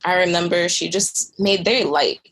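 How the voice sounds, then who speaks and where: A young woman speaks low in her range, with a gravelly edge of vocal fry. She tells a personal story as a podcast guest, candid and earnest, and fills her talk with casual asides. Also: normal speed, fairly bright tone. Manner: conversational, filler-heavy, earnest.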